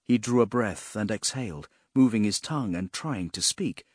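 A man narrating a fantasy audiobook in a measured, expressive way, with a husky voice. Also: fairly low pitch, dry recording, clean studio sound.

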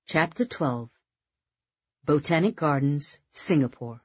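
A woman narrating an audiobook in a measured, descriptive storytelling manner, recorded close to the mic. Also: sits low, lively intonation, a little mellow, slightly rough, no room sound, dull audio. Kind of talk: scripted narration.

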